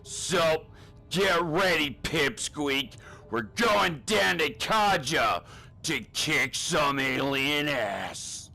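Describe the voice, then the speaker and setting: A man playing a gruff, bullying male drill sergeant in a comedy spoof, barking crude insults at a recruit. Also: fairly high pitch, expressive, very slow, sharp tone, faint music behind, exaggerated voice.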